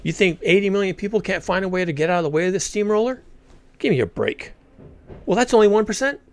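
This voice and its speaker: A man's voice: sits high, lively intonation, quick pace. A man commentating on a recorded talk in a blunt, emphatic way, swearing freely. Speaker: reaction video commentator.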